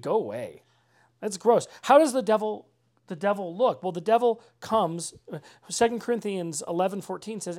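A man's voice: on the high side, darkish tone. A man preaching an informal sermon in a conversational way, often adding "like" and "right?", earnest with dry mocking asides.

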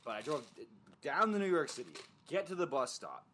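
A young man spinning a long, animated story in a relaxed podcast chat. He swears freely and fills his talk with "like" and restarts. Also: a little high, brisk, noisy background. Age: young adult. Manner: animated, profane storytelling with lots of fillers. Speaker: podcast co-host.

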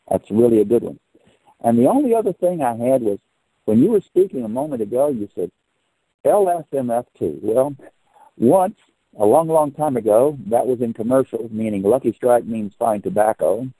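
A man's voice: medium pitch, dark tone, breathy edge, dry recording, low-quality recording. An older man hosting an interview, explaining his points at length in a folksy, talkative way. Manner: long-winded, explanatory, folksy. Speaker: podcast host. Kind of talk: conversational interview.

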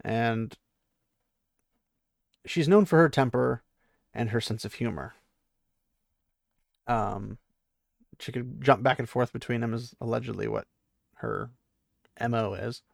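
A man's voice: mid-range voice, takes it slowly, vocal fry, long pauses, no echo, studio quality. A man casually recapping and commenting on a book, rambling with lots of "like" and acting out characters' lines. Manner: rambling, heavy use of "like", acts out characters' lines. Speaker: book discussion host.

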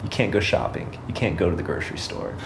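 A man's voice: sits low, expressive, quick pace, vocal fry, noisy background. An American man in casual podcast chat, opinionated and ranting, swearing freely. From United States.

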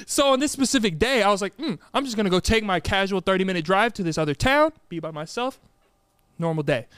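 A man's voice: high-pitched, lively intonation, fast talker, a bit bright, clean tone, no room sound, studio quality. A young man telling a story in casual chat, acting out quoted lines and laughing often.

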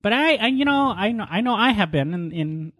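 Joking man with a slightly high voice. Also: expressive, brisk, a bit bright, no room sound, clean studio sound. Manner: joking, blunt, swears casually. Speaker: podcast co-host. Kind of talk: casual chat.

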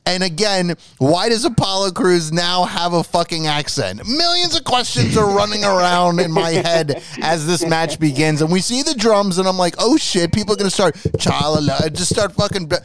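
A man's voice: high-pitched, expressive, normal speed, few pauses, fairly bright tone. A man in casual podcast chat who talks animatedly, swears often and laughs a lot. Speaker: podcast co-host.

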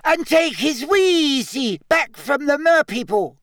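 Dobby, a squeaky house elf. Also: male voice, big pitch swings, takes it slowly, fairly bright tone, dry recording, full character voice. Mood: urgent. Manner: broken grammar, eager, servile.

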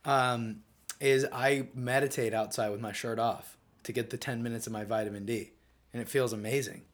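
A man's voice: medium pitch, fairly even intonation, normal speed. Eager male podcast host. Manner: eager, asks rambling questions. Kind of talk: podcast interview.

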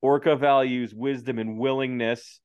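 A man's voice: mid-range voice, fairly even intonation, darkish tone, clear, resonant tone, dry recording, lo-fi sound. Brief: male podcast co-host, giggly and jokey, dry close-mic sound. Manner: giggly, jokey, quick asides. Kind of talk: casual chat.

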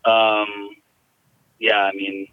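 A man recounting a personal story in a halting, reflective way, heard over a tinny phone line. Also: lowish voice, monotone, no room sound. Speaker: guest.

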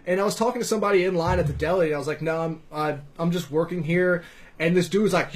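A man's voice: fairly high pitch, fast, rough recording. A man from Virginia telling stories in a loose, profane podcast chat, full of fillers. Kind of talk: casual chat.

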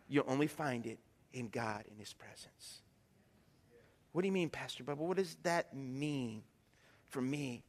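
High, bright-voiced preacher man in a hall. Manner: animated storytelling preacher, swings from loud to hushed. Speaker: pastor. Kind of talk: sermon. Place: church sanctuary. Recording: long hall reverb.

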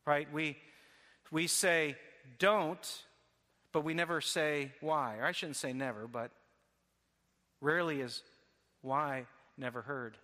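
A man's voice: fairly high pitch, takes it slowly, long pauses, bright, forceful tone. A man preaching a sermon earnestly, often restarting his phrases. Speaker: pastor. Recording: long hall reverb.

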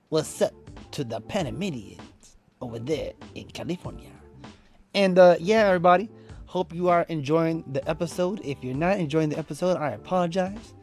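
A man hosting a podcast in a laid-back, playful way, with rhyming shout-outs and frequent laughs. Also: on the high side, vocal fry. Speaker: podcast host. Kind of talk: casual podcast chat.

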